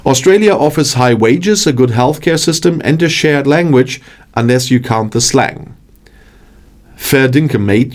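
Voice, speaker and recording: A man's voice: medium pitch, darkish tone. Wry male channel host narrating. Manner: wry, joking delivery. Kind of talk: scripted narration.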